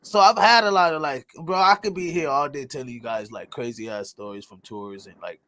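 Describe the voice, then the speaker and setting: A man with a somewhat high voice tells rowdy stories in a loose, casual chat. He is animated and profane, laughing often and acting out what others said. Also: brisk. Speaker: podcast guest telling stories.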